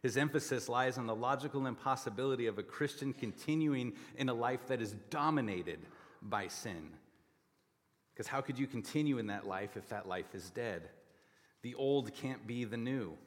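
A man preaching a sermon as pastor, explaining scripture and pressing his points with forceful repetition. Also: mid-range voice, moderate pace, big-room sound. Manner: emphatic, rising to forceful repetition. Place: church sanctuary.

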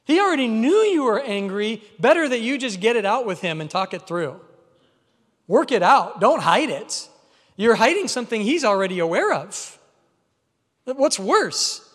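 A man with a notably high voice delivers an emphatic, conversational sermon as pastor. His words ring out with a long reverb trailing behind them, as though in a church sanctuary. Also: very animated, normal speed, a bit bright.

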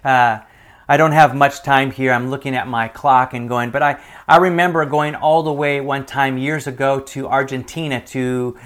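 A middle-aged man preaching a sermon, telling a personal story and moving between lively retelling and hushed, quiet moments. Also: medium pitch, moderate pace. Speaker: pastor.

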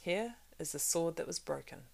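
A woman reading the part of a weathered, kingly ranger in a storybook, speaking with measured solemnity. The voice sits low and carries a heavy gravelly fry throughout. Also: expressive, a little mellow. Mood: earnest. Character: weathered grave male ranger, heir of kings.

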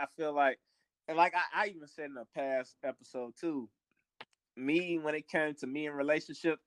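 A man's voice: medium pitch, fairly bright tone, dry recording. A young man co-hosting a family podcast in casual chat, blunt and profane, often repeating words as he starts a thought. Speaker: podcast co-host.

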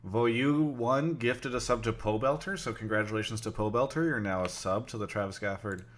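A man's voice: mid-range voice, normal speed. A man hosting a live stream talk show, chatty and loose, thanking subscribers and taking callers with lots of fillers. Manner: chatty, reads out subs with frequent fillers. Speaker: stream host.

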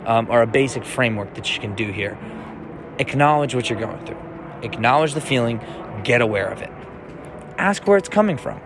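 A man's voice: mid-range voice, a little hiss or hum. A man hosting a motivational self-help podcast, talking in a casual, playful coaching way. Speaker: podcast host.

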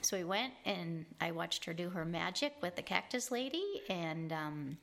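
A woman's voice: on the low side, moderate pace, gravelly, fairly bright tone. A woman chatting casually about her home, laughing often and trailing off mid-sentence. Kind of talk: casual chat. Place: home in Italy.

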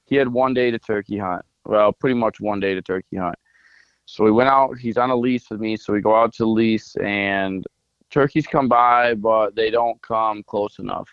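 A man's voice: on the low side, normal speed, smooth, dry recording, muffled recording. A man on a podcast, casually telling a long hunting story full of fillers. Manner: rambling storyteller, lots of "like" fillers. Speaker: podcast co-host.

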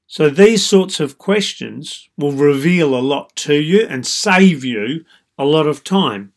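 A dating coach gives calm, explanatory advice in a monologue, often saying "so" and "you know." His pitch is fairly high and he talks slowly.

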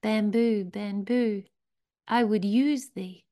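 Woman reading as a solemn old-style garden master, grave and slow, half whispering. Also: mid-range voice, fairly even intonation, mellow, close to an everyday voice. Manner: grave, solemn archaic speech, partly whispered. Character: grave male garden master, loving but stern.

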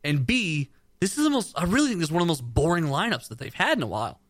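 A man's voice: a little high, very animated, fairly bright tone, dry recording, studio quality. A man co-hosting a casual community radio talk show, joking and opinionated about comics. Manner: joking, opinionated, quick banter. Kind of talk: casual comic book chat.

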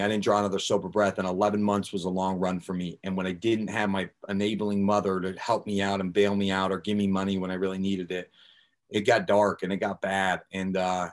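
A man guest on a podcast, telling his own recovery story candidly, blunt and raw with casual swearing and filler words. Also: low voice.

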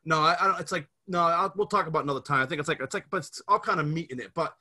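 A man in his fifties with a bright, forceful voice pitched a little high chats on a podcast. He tells a long, rambling story and keeps restarting his sentences. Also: rapid-fire. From Scranton area, Pennsylvania. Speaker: podcast host. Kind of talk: casual podcast chat.

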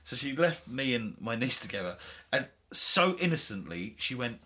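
A man's voice: mid-range voice, normal speed, few pauses. A young man co-hosting a podcast, telling stories with big bursts of laughter. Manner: animated storyteller, bursts into laughter. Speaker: podcast co-host. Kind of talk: casual banter.

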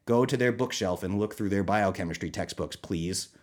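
A man hosting his own podcast as a nutrition coach, talking casually and animatedly, often jumping into high, excited mock voices. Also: normal speed. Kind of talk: casual solo podcast talk.

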